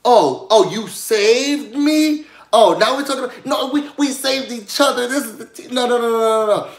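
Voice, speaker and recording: A man impersonating an indignant woman housemate who protests and yells defensively. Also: fairly high pitch, moderate pace, reverberant, pitched above the performer's own voice, close to an everyday voice. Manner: yelling, protesting.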